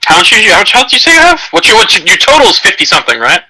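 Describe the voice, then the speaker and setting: A man's voice: high voice, wildly swooping pitch, rapid-fire, sharp tone, poor audio. A man narrating a tabletop game as game master, in a loose, rambling way with many fillers.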